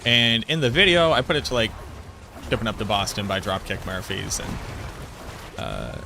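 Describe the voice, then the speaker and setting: A man's voice: on the low side, animated, moderate pace, creaky, background noise. A man streaming a game, chatting casually in a rambling, talkative way and correcting himself mid-sentence. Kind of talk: casual chat while gaming.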